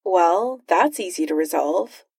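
Woman reading a breezy wisecracking man, unhurried, mellow tone. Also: fairly low pitch, lively intonation, vocal fry, slightly rough, no room sound, studio quality, exaggerated voice. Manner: cheerful, teasing. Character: cocky wisecracking male hero, breezy.

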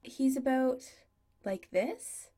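A woman's voice: high voice, drawn-out words, dark tone, pitched above the performer's own voice, full character voice. Woman voicing a shy, sheepish young man. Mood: hesitant. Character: shy young male shoe designer.

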